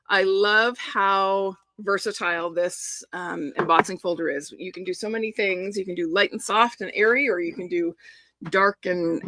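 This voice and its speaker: A middle-aged woman with a mid-range, slightly bright voice chats enthusiastically during a live crafting demonstration, showing a papercraft project step by step. The recording is dry.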